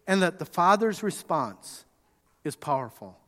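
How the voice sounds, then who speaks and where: A man preaching a sermon, telling the story in an animated way and acting out the quotes. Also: a little high, a little slow. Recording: reverberant hall.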